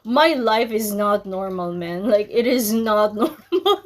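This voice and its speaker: A woman's voice: medium pitch, animated, slow pace. Chatty young woman telling a story. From Philippines. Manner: candid, chatty, with many ums and likes. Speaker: vlogger. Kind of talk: casual storytelling to camera.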